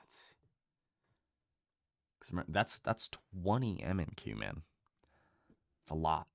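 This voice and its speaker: A young man hosting a live trading stream, talking casually and bluntly with lots of swearing and repetition, rising in pitch and volume when fired up. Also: sing-song, a little slow, creaky, pauses often, no room sound. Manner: blunt, profane, repeats himself, gets louder and higher when fired up. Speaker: livestream trading host.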